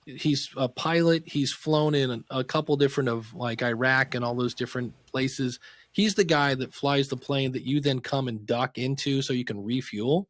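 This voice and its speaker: A man guesting on a podcast interview, coaching new podcasters through lively stories and acting out quoted dialogue. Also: medium pitch, no room sound, studio quality. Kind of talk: casual interview storytelling.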